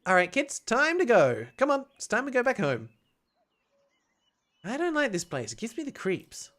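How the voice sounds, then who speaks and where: A woman voicing a worried mother in a game, brisk and fretful as she rounds up the children. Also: a little high, wildly swooping pitch, a bit bright. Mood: anxious.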